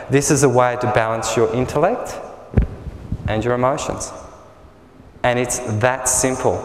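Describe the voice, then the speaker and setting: A man giving a spiritual workshop talk to a small group, speaking gently and often checking whether his listeners follow. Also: medium pitch, reverberant, in a large hall, slight background noise, rough recording. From Australia. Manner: gentle, often asks the audience if it makes sense. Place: room with a live group.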